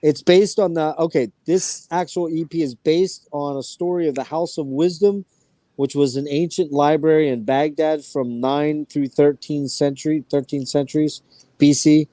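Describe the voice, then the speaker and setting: Male host, lively storyteller, slightly high pitch, dry close-miked sound. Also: moderate pace, no room sound. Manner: animated storytelling, swears freely. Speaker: podcast host. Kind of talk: casual chat.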